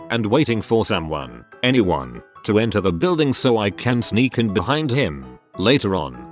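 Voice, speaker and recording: A man narrating funny online stories in a scripted storytelling style, with an expressive, comic delivery. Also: lowish voice. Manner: lively, expressive reading with comic emphasis.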